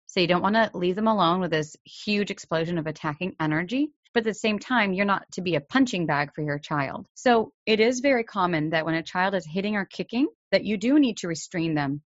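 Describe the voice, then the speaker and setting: A woman's voice: medium pitch, lively intonation, a little fast, no echo, dull audio. A woman hosting a parenting podcast, talking straight to listeners in an earnest, direct way and sometimes acting out what a parent or child might say. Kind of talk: solo podcast talk.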